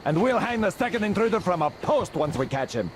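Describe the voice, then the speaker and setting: A taunting pirate envoy. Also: male voice, high-pitched, sing-song, fairly quick, a little hiss or hum. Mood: mocking. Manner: taunting and threatening. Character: belligerent adult male pirate envoy. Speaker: pirate spokesman at a council. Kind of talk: video game cutscene acting.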